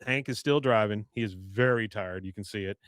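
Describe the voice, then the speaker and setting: A man's voice: lowish voice, brisk, fairly bright tone, no echo. A man hosting a podcast in a studio, recapping an episode in casual chat and chuckling as he reads lines from the show. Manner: chuckles often, reads show quotes aloud. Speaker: podcast host.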